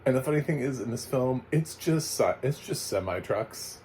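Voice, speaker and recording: A man's voice: mid-range voice, animated, normal speed, a little mellow, a little hiss or hum, rough recording. A man casually reviewing a film, rambling and chatty with frequent laughs and fillers. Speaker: movie reviewer.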